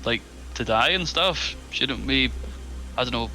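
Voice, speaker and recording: A man's voice: medium pitch, animated, unhurried, pushed and bright, soft background music, rough recording. A man playing in a tabletop game, talking casually and hesitantly, often asking questions. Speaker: player.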